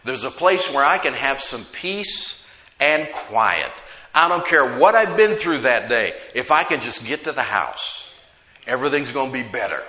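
A man's voice: mid-range voice, big pitch swings, normal speed, bright, forceful tone, muffled recording. A man preaching a sermon to a congregation, often asking them to respond. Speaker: pastor. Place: church sanctuary. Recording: echoey hall with long reverb.

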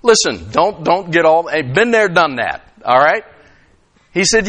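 A man in his sixties preaching an animated, conversational sermon, checking in with his listeners and acting out quoted lines. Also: high voice, normal speed. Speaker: pastor.

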